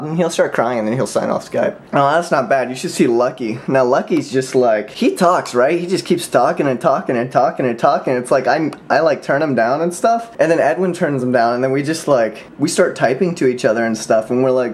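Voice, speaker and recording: A man's voice: medium pitch, fairly quick, a little mellow. Teasing man in a casual vlog. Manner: mock-mean teasing with frequent "like" and "um"; laughs at his own jokes. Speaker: vlogger.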